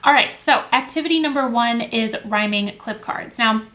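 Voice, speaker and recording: A young woman teacher with a slightly high voice explains classroom activities to camera. She talks in a casual, friendly way, with plenty of fillers and quick self-corrections. She sounds close to the camera, seated at a table indoors. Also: a bit bright. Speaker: teacher and education video host.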